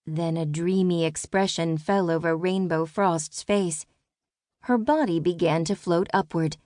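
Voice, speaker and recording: A woman reading a children's fantasy audiobook, calm and measured. Her voice sits low and moves slowly, and the recording is close and dry. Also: no room sound. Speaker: audiobook narrator. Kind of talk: scripted children's audiobook narration.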